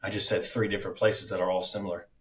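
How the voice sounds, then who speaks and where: Low-voiced man in an echoey room. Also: flat delivery, fast talker, recorded from a distance, crowd noise. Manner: reflective, with many fillers and restarts. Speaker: actor guest. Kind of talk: casual podcast interview.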